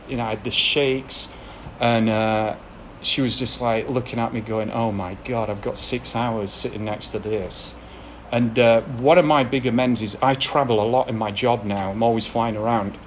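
Frank Englishman telling a rough story. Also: mid-range voice, fairly even intonation, normal speed, slight background noise. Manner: frank, self-deprecating storytelling with frequent laughs. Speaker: speaker sharing a recovery story. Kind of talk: candid personal testimony to an audience.

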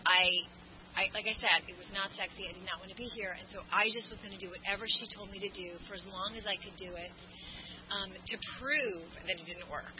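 A woman's voice: medium pitch, steady tone, a little fast. A woman speaking candidly and self-deprecatingly at a twelve-step meeting, rambling with many fillers. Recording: muffled lo-fi recording with background noise.

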